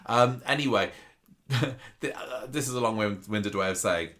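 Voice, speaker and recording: A man's voice: fairly low pitch, unhurried, fairly bright tone. A man co-hosting a casual chat, restarting often and acting out characters' lines. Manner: chatty, stumbles and restarts, acts out characters' lines. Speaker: podcast co-host. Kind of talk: casual chat reviewing a soap.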